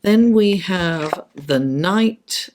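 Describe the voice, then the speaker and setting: A woman astrologer with a raspy voice from being under the weather, giving a weekly horoscope and tarot reading in an unhurried, reflective way with many fillers. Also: fairly low pitch, animated, background noise.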